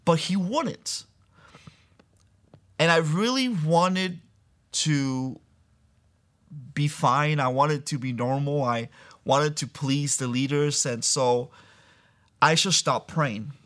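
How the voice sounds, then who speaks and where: A young man sharing a personal faith testimony as an interview guest, earnest and storytelling, acting out the voices he quotes and laughing softly now and then. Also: a little high, slow, pauses often.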